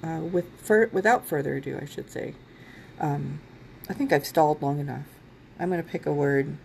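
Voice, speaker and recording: A woman hosting a casual podcast talks in a low, gravelly voice. She rambles a little and laughs often. There is a faint hiss behind her. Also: normal speed, darkish tone. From Ohio. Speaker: podcast host.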